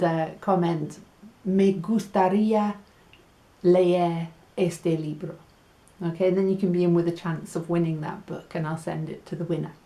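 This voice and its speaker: A woman teaching a casual beginner Spanish lesson, chatty and laughing at her own jokes, slowing down on the Spanish words. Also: lowish voice, darkish tone.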